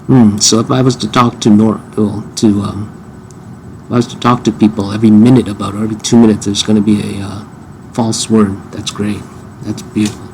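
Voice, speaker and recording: A fairly low-pitched man talking casually, often stopping and restarting his sentences. He needles with a dry, sarcastic edge, with faint background noise in the room. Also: flat delivery, warm tone. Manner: halting, repeats himself, dry sarcasm. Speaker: user questioning an AI assistant. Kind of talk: casual chat.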